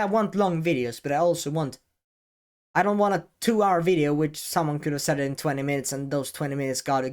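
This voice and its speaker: A man who makes educational videos, giving advice straight to the camera in a deliberate way, with pauses and stress on key words. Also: a little high. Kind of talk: talking-head advice vlog. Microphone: camera-facing setup.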